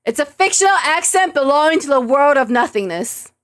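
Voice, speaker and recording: A woman's voice: high-pitched, lively intonation, fairly quick, fairly bright tone. A woman streamer making playful, self-mocking asides while playing a story game. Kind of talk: game playthrough commentary. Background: game music.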